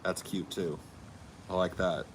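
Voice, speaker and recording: Low-voiced man telling a rambling story. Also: fairly even intonation, measured pace, very noisy. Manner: rambling anecdote-telling, crude asides. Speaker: podcast co-host. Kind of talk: casual chat, storytelling.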